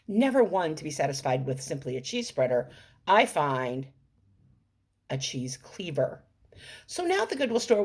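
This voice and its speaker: A middle-aged woman vlogger tells a thrift-shopping story with playful enthusiasm. Her voice sits low and sounds slightly husky. Her pitch jumps around a lot as she talks. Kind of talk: storytelling vlog.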